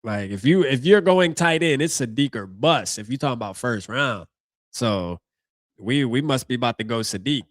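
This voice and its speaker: A man's voice: mid-range voice, lively intonation, normal speed, dry recording, clean studio sound. A man hosting a live reaction stream, talking casually in slang and thinking aloud as he goes.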